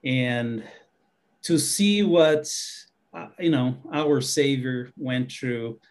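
A man speaking as a guest in a casual discussion, with halting speech and frequent restarts. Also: mid-range voice.

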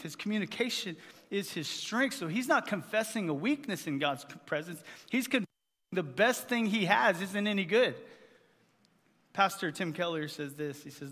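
A man with a notably high-pitched voice preaches a sermon to his congregation, driving points home by repeating phrases. His voice rings out with a long reverb trailing behind it, as in a large church hall. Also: bright, forceful tone. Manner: emphatic, repeats phrases for effect. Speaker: pastor.

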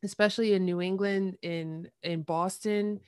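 A woman's voice: medium pitch, fairly even intonation, moderate pace, darkish tone, clean tone, dry recording. Curious New York woman, dry close sound. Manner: curious and enthusiastic, with laughs. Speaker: podcast host. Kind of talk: casual interview chat.

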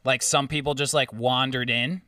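A young man co-hosting a casual chat, telling animated stories with frequent swearing. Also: medium pitch, normal speed, dry recording. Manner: animated, profane storytelling. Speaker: podcast co-host. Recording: dry, slightly distant mic.

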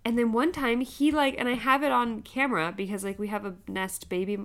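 Animated young woman telling stories. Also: a little high, fairly quick. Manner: animated, frequent "like" fillers, laughs while telling. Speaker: podcast co-host, mother of a toddler. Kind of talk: casual chat, storytelling.

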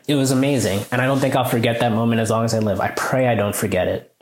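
Guy teacher telling a story for real, earnest, mid-pitch voice, kinda roomy echo on it. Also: quick pace. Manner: earnest, animated, rises in pitch when moved. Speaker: high school teacher, guest. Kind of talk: conversational storytelling.

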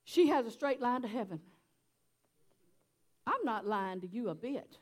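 A woman's voice: fairly high pitch, lively intonation, measured pace. A middle-aged woman, preaching a folksy, chatty sermon and laughing often.

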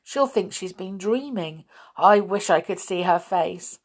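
A woman reading aloud puts on a mischievous little male pixie from a storybook, chatty and quick to swing from gloom to glee. The voice is slightly raised, unhurried and a touch husky. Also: lowish voice, animated. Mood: gleeful.

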